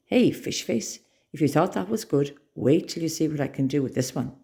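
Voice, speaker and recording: A woman voicing a spiteful young boy prince who taunts and shouts insults. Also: low voice, expressive, moderate pace, gravelly. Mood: taunting.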